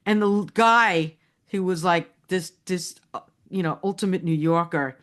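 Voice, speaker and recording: A woman's voice: fairly low pitch, fairly even intonation, moderate pace, a bit bright. A woman co-hosting a casual chat, telling stories with lots of laughter and restarts. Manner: chatty storyteller, laughs often, many restarts. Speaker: co-host.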